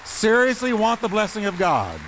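A man's voice: sits high, wildly swooping pitch, normal speed, a bit bright, a faint crowd, a little hiss or hum. A man preaching a sermon as pastor, fervent and rhythmic, building repeated phrases. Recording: long reverb in a large hall.

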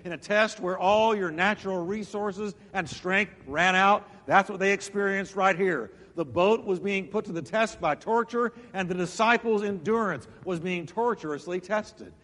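High, bright-voiced man preaching in a hall. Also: normal speed, few pauses. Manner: dramatic storytelling, acting out voices of Bible figures. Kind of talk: sermon. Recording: long hall reverb.

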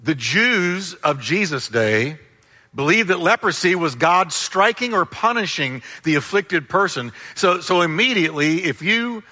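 Male pastor, sermon; forceful bright tone, emphatic call-and-response, long hall reverb. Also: sits high, expressive, measured pace.

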